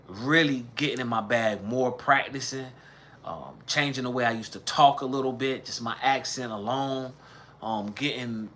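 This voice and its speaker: A man's voice: medium pitch, pushed and bright. A man in his thirties from the American South with a light Southern accent, casually telling his story to a livestream chat in a rambling, conversational way. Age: 30s. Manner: rambling, conversational, with chanted bits of old raps.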